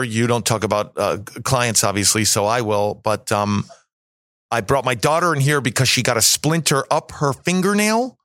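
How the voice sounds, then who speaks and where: A man's voice: mid-range voice, fairly bright tone, dry recording. A man in his forties talks casually as a podcast guest, rambling through stories and restarting sentences. He jokes at his own expense. The recording is close and dry with no room sound. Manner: rambling, self-mocking, many fillers and restarts. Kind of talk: casual chat.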